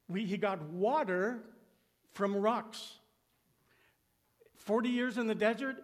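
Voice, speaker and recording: A man with a high, light voice delivers a sermon to his congregation. He slows down and falls to a near hush on the phrases he wants to land, then rises sharply to mimic whiny complaints. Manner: acts out complaining voices with rising pitch. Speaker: pastor.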